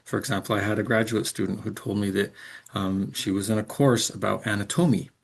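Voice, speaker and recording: A man with a fairly low, gravelly voice that carries a husky edge. He explains things in a measured lecturing way and pauses often on "um". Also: little pitch movement. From English speaker. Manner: measured, explanatory, frequent "um" fillers. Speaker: instructor. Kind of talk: recorded lecture.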